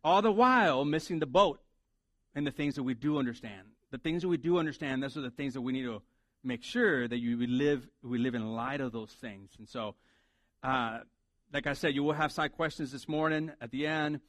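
A man's voice: mid-range voice, moderate pace, fairly bright tone, no echo. A man preaching a sermon as a pastor, talking conversationally and animatedly and acting out the lines he quotes.

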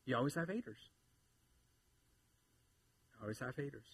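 A man in his thirties preaching a sermon in church, animated and playful, swinging between loud exhortation and quiet asides. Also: medium pitch, moderate pace, vocal fry, long pauses, breathy edge, dry recording. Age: 30s. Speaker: pastor. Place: church sanctuary with congregation.

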